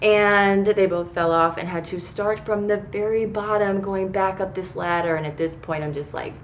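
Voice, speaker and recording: A woman in her thirties recapping a reality TV episode from her bedroom, excitable, rambling and freely swearing. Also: medium pitch, moderate pace, slight background noise. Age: 30s. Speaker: TV recap vlogger.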